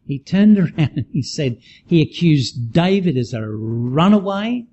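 Animated man preaching in a lively voice. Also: high voice, a little slow, breathy edge, dull audio. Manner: conversational and animated, frequent restarts. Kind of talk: sermon.

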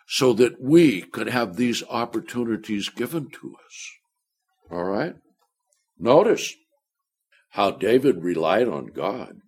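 A man preaching a sermon, reading scripture aloud and swelling louder and higher on the verses. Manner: slow, deliberate delivery that rises loud and high when reading verses.

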